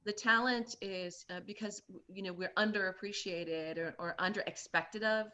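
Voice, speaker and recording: A middle-aged woman from the Midwest, hosting a casual chat with lively enthusiasm and frequent restarts. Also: medium pitch, moderate pace. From born in Minnesota, raised in Iowa. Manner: animated, enthusiastic, many restarts. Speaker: host. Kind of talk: casual video-call chat.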